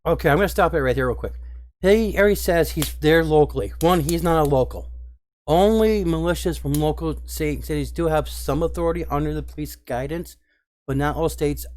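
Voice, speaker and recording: A man's voice: a little high, moderate pace, darkish tone. A man giving casual spoken commentary to his viewers, earnest and upset, stressing his points hard. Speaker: video commentator.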